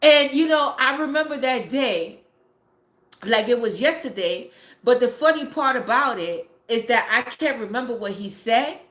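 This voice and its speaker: A woman's voice: a little high, expressive, moderate pace, a bit bright. Blunt, profane woman telling a story. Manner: blunt, profane, lots of fillers. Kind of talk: casual live storytelling. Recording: roomy echo.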